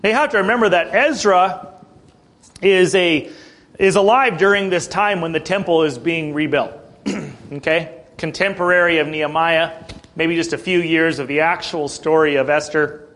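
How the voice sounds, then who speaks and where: A man with a fairly high voice preaches a sermon. He reads a passage aloud, then talks it through in plain words. He clears his throat often and keeps asking his listeners "okay?". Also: normal speed, fairly bright tone. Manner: checks in with listeners, "Okay?" and "Amen?".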